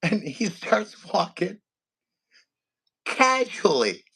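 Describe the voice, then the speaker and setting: A man co-hosting a podcast, telling a family story in animated casual chat and acting out his relatives' voices. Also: high-pitched, drawn-out words, creaky, slightly rough. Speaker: podcast co-host.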